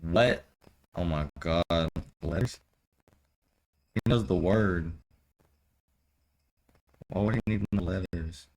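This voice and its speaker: A man's voice: low-pitched, a little mellow, low-quality recording. A young man reading an old scripture aloud, stumbling over the archaic wording and breaking off into loose, profane slang commentary. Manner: reads archaic text haltingly, then riffs in loose profane slang.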